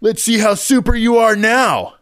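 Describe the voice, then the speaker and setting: A man's voice: sits high, very animated, slow pace, no echo, clean studio sound, pitched above the performer's own voice, full character voice. A man voicing a hot-headed blond teenage boy who snaps and jeers in an audiobook. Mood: taunting. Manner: snapping, jeering.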